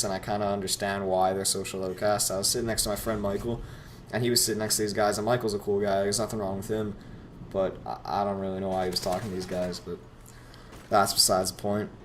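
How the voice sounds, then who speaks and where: A teenage boy rambles through a story over a game, sarcastic and quick to swear. His voice sits on the low side. A faint hum runs behind him. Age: teens. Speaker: gameplay commentator. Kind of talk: casual storytelling over gameplay.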